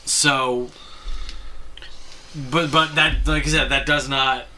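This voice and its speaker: A man's voice: medium pitch, steady tone, slow, bright, forceful tone, a little hiss or hum. A man in a casual movie chat, reasoning through plot rules aloud with careful restarts. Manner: analytical, thinks aloud with restarts. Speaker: podcast co-host.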